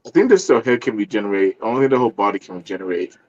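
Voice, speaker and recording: A man's voice: lowish voice, expressive, rapid-fire, darkish tone. Man with dull lo-fi podcast sound. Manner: brief agreeing interjections. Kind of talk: casual podcast chat.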